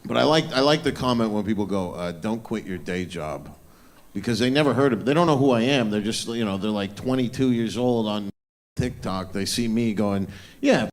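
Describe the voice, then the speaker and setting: A man's voice: mid-range voice, brisk, slight background noise. A man doing a stand-up comedy set on a club stage into a handheld mic, with a crude, mocking, swaggering delivery.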